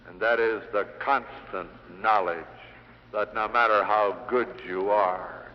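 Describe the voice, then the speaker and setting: A man's voice: on the low side, fairly even intonation, slow. Middle-aged man, sales lecturer, dry-humored storyteller in a long-reverb hall, dull old vinyl sound. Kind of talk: after-dinner sales speech with anecdotes. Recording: dull 1960 LP of a hall speech.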